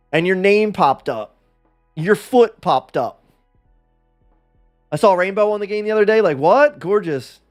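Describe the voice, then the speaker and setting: A man livestreaming in a casual chat, rambling and self-deprecating as he talks with his viewers. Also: sits high.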